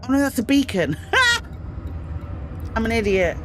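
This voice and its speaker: A woman's voice: on the high side, huge pitch swings, slow pace, music in the background. A woman streaming a space game, chatting casually with her viewers, greeting them in bursts, with frequent ums and self-mocking asides. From Britain. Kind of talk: casual live-stream chat.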